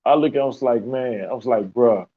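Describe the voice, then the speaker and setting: A man's voice: medium pitch, brisk, narrow, tinny audio. A man hosting a podcast, telling a story in a loose, profane way and laughing often. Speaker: podcast host.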